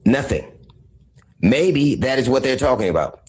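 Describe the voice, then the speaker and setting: A commentator in a played clip, talking haltingly with many fillers and repeating his points. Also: mid-range voice, animated, a little mellow, breathy edge. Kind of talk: measured talk-show commentary.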